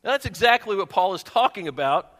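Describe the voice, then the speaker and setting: Animated male preacher in a reverberant hall. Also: high voice, a little fast. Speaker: pastor. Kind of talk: sermon.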